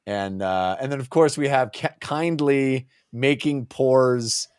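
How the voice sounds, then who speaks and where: A man's voice: medium pitch, takes it slowly, clean tone, no room sound. A man co-hosting a casual book club podcast, laughing often and acting out characters' lines. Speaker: podcast co-host.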